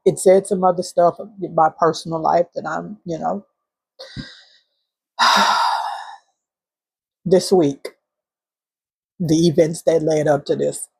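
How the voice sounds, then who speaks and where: A woman hosting a spiritual channel, telling a heartfelt story from her bedroom in a halting way with fillers and soft whispered moments. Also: low-pitched, gravelly, slightly rough. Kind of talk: emotional spiritual testimony vlog.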